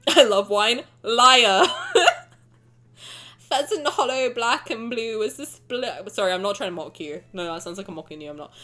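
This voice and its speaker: Bright, high-pitched giggly young woman streamer. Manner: giggly, teasing, blunt, swears freely. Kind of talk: casual live-stream reaction chat.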